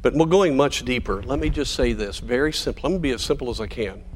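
Earnest preaching man, measured delivery. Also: medium pitch, slight background noise. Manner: earnest, measured preaching with slowed emphatic phrases. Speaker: pastor. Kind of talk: sermon.

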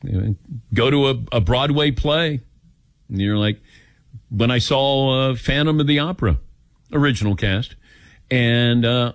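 An older man hosting a call-in radio show, taking callers and telling personal stories with lively acted-out quotes. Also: medium pitch, no echo. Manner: animated storytelling, acts out quotes. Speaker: radio talk show host.

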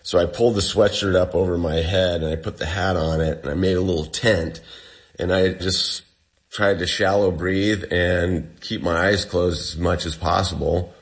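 A man's voice: deep voice, steady tone, moderate pace. A man telling a story in a casual way. He acts out the dialogue and says "like" a lot. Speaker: interview guest.

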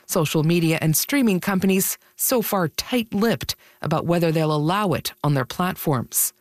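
A woman correspondent delivering a scripted news report in a crisp, formal way. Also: on the low side, animated, normal speed, dry recording, studio quality.

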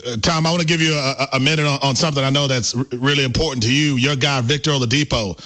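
A male sports radio co-host who asks questions in a halting way, with many restarts. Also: mid-range voice, fairly even intonation, sharp tone. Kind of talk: sports radio interview and banter.

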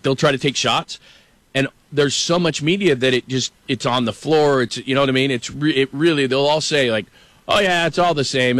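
A middle-aged man hosting a sports talk show, chatting casually and telling animated stories. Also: mid-range voice, no echo. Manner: storytelling, animated, quotes people.

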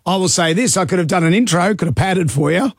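Male co-host, husky, higher voice, playful banter, dry studio. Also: fast, no echo. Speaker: radio co-host. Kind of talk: casual radio chat.

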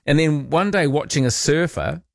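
A man's voice: on the high side, moderate pace, vocal fry, dry recording. Nz guy hosting overnight talk radio, rambly chatty stories, dead dry studio sound. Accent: New Zealand. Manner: chatty, rambling storyteller with animated asides. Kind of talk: late-night talkback, reading listener texts. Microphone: studio microphone.

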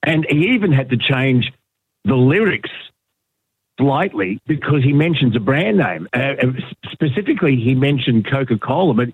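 A man's voice: medium pitch, lively intonation, moderate pace, husky, no echo. Australian man chatting over a phone line. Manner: chatty storyteller, many fillers and restarts. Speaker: guest, radio broadcaster and podcaster. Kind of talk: casual radio chat. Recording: dry tinny phone line.

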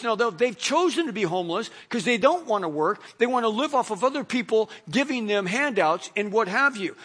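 Middle-aged male pastor with a high voice, relaxed conversational preaching. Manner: conversational, frequent "you know" fillers. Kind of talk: sermon. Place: church in Los Angeles.

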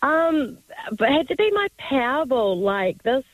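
A bubbly female caller, chatting with radio hosts in a dry, close sound. She giggles between her words and talks with warm openness. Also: high-pitched, big pitch swings, unhurried, no echo, poor audio. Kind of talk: call-in chat.

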